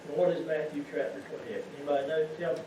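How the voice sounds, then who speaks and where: This fast-talking lay preacher has a fairly high but dark-toned voice with little pitch movement. His folksy sermon in a church sanctuary keeps turning rhetorical questions on the congregation, and slight background noise sits under the distant, muffled, echoey sound.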